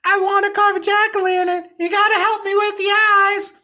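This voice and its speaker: Shrill little boy, very high-pitched, loud, whiny. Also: level tone, normal speed, exaggerated voice. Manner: shrill, screaming. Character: whiny excited young boy.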